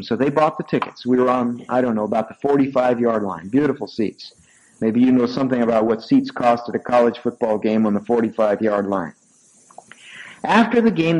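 An older pastor preaches a sermon in a church sanctuary, his medium-pitched voice caught on a low-quality recording. He tells a personal story and swings animatedly from soft asides to sudden, raised emphatic peaks that drive his points home.

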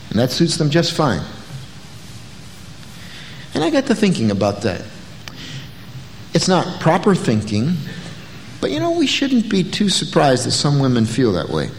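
Man preaching a folksy sermon in a reverberant church. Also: high voice. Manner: folksy storytelling with dry humor. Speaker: pastor. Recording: long reverb, faint noise.

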